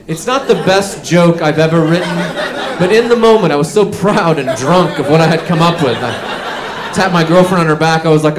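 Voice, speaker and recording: A man's voice: a little high, moderate pace, crowd noise. A man doing stand-up in a comedy club, telling a confessional story and mocking himself in the punchlines. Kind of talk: stand-up set. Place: comedy club stage with live audience. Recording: live club recording with audience noise.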